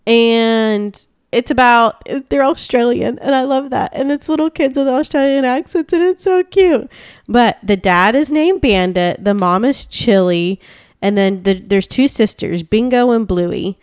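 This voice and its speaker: A woman's voice: fairly high pitch, unhurried, a little mellow, clear, resonant tone, no echo, studio quality. A woman co-hosting a podcast in casual chat, gushing and rambling with lots of fillers. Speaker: podcast co-host.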